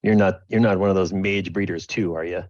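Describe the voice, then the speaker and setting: A man's voice: sits low, fairly even intonation, a little fast, a little mellow, no echo, natural voice. A man voicing a blunt, cold middle-aged father in a tabletop game. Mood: curt. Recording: dull lo-fi dry recording.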